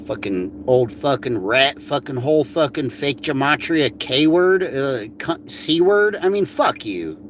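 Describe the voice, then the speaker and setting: A man's voice: mid-range voice, lively intonation, unhurried, few pauses, a little hiss or hum. A man ranting on a video, sneering and crude, swearing constantly as he mocks people. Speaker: ranting vlogger. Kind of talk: profane mocking rant.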